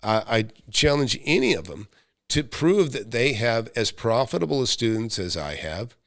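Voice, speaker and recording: An American man in middle age hosts a live Q&A stream as a real estate coach, chatting with viewers about making money in a blunt way, swearing now and then and often restarting his sentences. His medium-pitched voice is sing-song and fairly bright, with vocal fry and a moderate pace. The studio-quality recording has no room sound.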